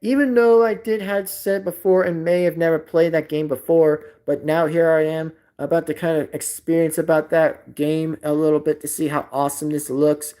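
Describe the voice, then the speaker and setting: A man's voice: a little high, flat delivery, normal speed, few pauses, dark tone. A man live streaming in casual chat, rambling and repeating himself, swearing indignantly at a rude comment.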